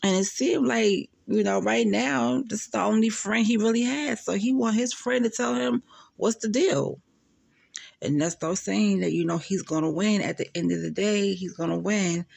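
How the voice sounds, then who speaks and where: A woman's voice: medium pitch, moderate pace, vocal fry, darkish tone, slightly rough, no echo. A woman chatting in a casual gossip vlog, retelling a phone call and laughing often. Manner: chatty, laughing, retells calls with quoted voices. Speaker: gossip vlogger.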